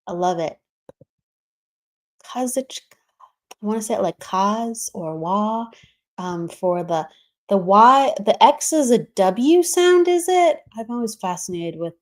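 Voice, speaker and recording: A woman hosting a spiritual livestream, chatting casually and greeting viewers by name with frequent laughs. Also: medium pitch. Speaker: livestream host. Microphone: streaming setup, remote.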